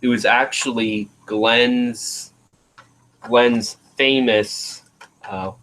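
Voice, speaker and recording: Man, livestream host, casual chat, rambling, hesitant, average pitch. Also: fairly even intonation, very slow, fairly bright tone, rough recording. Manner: rambling, trails off searching for words.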